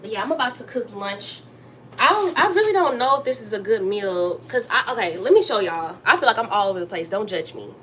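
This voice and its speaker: A young woman hosting a casual livestream from her kitchen while she cooks, chatting straight to her viewers and jumping up high to greet them. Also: expressive, a little fast, background noise. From Texas. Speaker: livestream host. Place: home kitchen.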